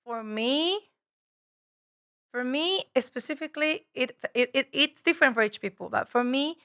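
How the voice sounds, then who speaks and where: Woman, bright voice, kinda high, swears casually, dry close sound. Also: animated, a little slow, clean tone, no echo. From Mexico. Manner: reflective, earnest, repeats phrases, swears casually. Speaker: podcast guest, spiritual guide. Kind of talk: casual conversation.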